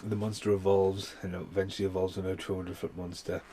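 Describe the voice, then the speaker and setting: A man's voice: low-pitched, little pitch movement, quick pace, mellow, breathy edge. A man giving a rambling, heavily sworn casual film review, full of fillers. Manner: swears a lot, rambling with many fillers. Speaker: movie reviewer.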